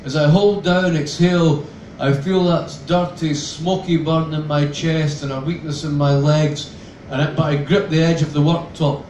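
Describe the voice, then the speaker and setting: A man reads his own novel aloud with a dry, sardonic edge. His voice sits a little high for a man. The sound is roomy and picked up from a distance, with faint ambience behind. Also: flat delivery, normal speed, a little mellow, slight background noise. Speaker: author reading.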